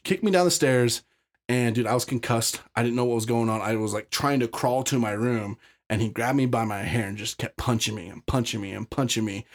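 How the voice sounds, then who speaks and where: Blunt, profane man telling his story. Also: medium pitch. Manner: blunt, profane, talks in looping restarts. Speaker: podcast guest. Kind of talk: casual conversational storytelling.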